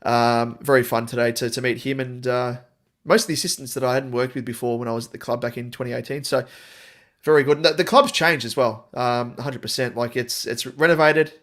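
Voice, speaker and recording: A man's voice: mid-range voice, fairly even intonation, brisk, fairly bright tone. An Australian man co-hosting a casual sports podcast, chatting in a rambling way and laughing often. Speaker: podcast co-host. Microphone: podcast mic, on camera.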